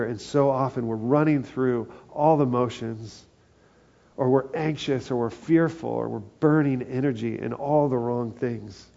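Gravelly low-toned guy preaching, warm and mellow, kinda muffled lo-fi sound. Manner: earnest, builds to emphatic peaks. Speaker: pastor. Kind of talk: sermon.

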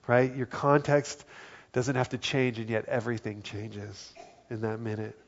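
A man preaching a sermon as pastor, earnest, dropping to a hushed voice for quoted lines. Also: medium pitch, little pitch movement, a little slow, highs cut off. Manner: earnest, drops to soft quiet tones for quoted words.

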